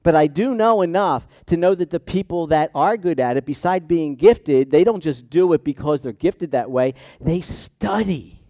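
A middle-aged pastor preaches a sermon in an easy, conversational way, animated and at a moderate pace with few pauses. His slightly high voice swings from loud, emphatic peaks down to quiet asides. The sound is dry and close, with no room echo.

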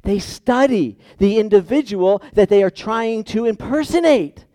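A middle-aged man preaching in a conversational way, rising to loud emphatic peaks and dropping to quiet asides. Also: high-pitched, animated, measured pace, dry recording, studio quality. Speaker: pastor. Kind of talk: sermon.

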